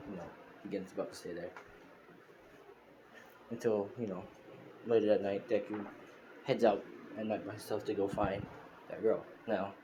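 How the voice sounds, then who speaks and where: Low-voiced man rambling through a story. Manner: rambling, full of fillers like "you know" and "pretty much". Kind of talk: casual spoken fan story. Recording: hissy home screen recording.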